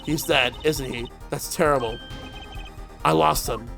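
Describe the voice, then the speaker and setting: A man's voice: mid-range voice, steady tone, unhurried, vocal fry, a bit bright, faint music behind. A man streaming a courtroom video game, reading the protagonist's lines and his own thoughts aloud in a plain, earnest way.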